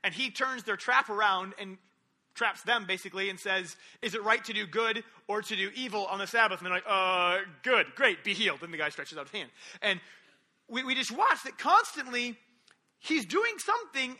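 A man's voice: high voice, expressive, brisk, bright, forceful tone. A young man preaching a sermon, retelling stories animatedly and acting out the quotes.

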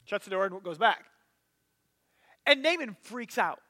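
Bright, high-voiced man preaching casually. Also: moderate pace. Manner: casual, animated retelling with filler words. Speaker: pastor. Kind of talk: sermon storytelling.

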